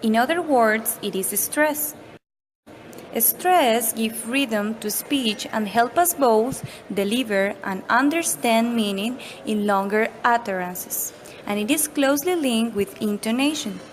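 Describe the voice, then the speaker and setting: A woman reading a scripted pronunciation lesson in a measured, explanatory way. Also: a little high, expressive, a little hiss or hum, low-quality recording. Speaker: pronunciation teacher. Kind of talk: scripted instructional narration.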